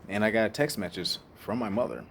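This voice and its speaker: A young man with a very low, deep voice tells his own hard story, raw and candid, cursing freely and breaking off to restart his sentences. A faint hiss of background noise sits under the recording. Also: big pitch swings, fairly quick, creaky. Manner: emotional, candid, profane, trails off and restarts. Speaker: speaker sharing life story. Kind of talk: personal storytelling monologue.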